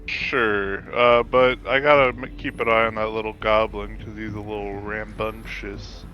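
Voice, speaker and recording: A man playing a tabletop game, speaking in a halting, hesitant way. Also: lowish voice, level tone, sharp tone, faint music behind, poor audio. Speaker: player. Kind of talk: casual tabletop play.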